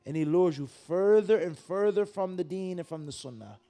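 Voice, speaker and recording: Animated high-voiced male preacher. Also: moderate pace. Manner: animated, rhetorical questions, mocking asides. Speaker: mufti giving a mosque lesson. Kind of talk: sermon-style lecture.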